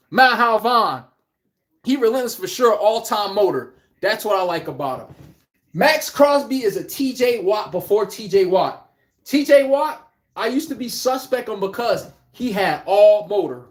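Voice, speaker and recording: Animated, profane sports commentator. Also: mid-range voice, moderate pace. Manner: animated, profane, blunt trash talk; acts out quotes in mock voices.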